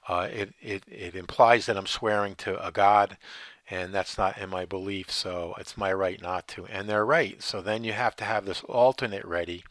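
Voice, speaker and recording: A man with a low-set, bright, forceful voice, recorded dry with no room sound. He teaches notary procedure step by step and keeps checking that his listeners follow him. He asks a question, then answers it himself. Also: steady tone, normal speed, dry recording. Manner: explanatory, asks rhetorical questions and answers them. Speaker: notary instructor. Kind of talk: instructional explanation.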